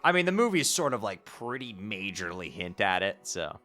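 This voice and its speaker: Man, casual streaming chat, animated pitch, rambling restarts, faint background music. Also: moderate pace. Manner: rambling, laughing, stumbling restarts. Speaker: streamer reading a webcomic aloud.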